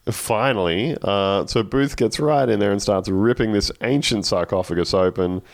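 A man's voice: on the low side, normal speed, no echo, studio quality. A man co-hosting a podcast, casually recapping a TV episode with wry, sardonic commentary. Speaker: podcast co-host.

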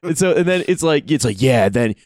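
A man's voice: on the high side, lively intonation, brisk, a little mellow, dry recording, studio quality. A man co-hosting a casual podcast chat, rambling with many restarts and casual swearing. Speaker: podcast co-host.

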